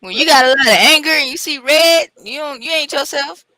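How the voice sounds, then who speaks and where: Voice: high voice, fairly quick, sharp tone, dry recording, low-quality recording. A co-host in a casual wrestling review chat, joking and acting out what people said. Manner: joking banter, acts out quotes.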